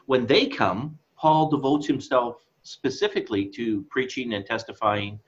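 A man's voice: mid-range voice, measured pace. A middle-aged man co-hosting a casual Bible study chat, rambling and laughing at his own asides. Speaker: co-host of Bible discussion. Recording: slightly dull lo-fi audio.

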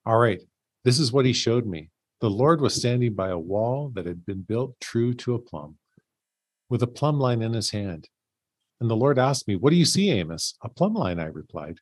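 This man co-hosts a Bible study, reading scripture aloud plainly and joining the discussion with brief, agreeing remarks. His mid-range voice has lively intonation and a moderate pace. The recording is low quality but has no echo.

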